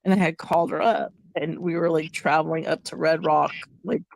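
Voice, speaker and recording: A woman host in a casual chat, telling a personal story in an animated way and acting out the voices she quotes. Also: deep voice, a little fast, vocal fry, a little hiss or hum.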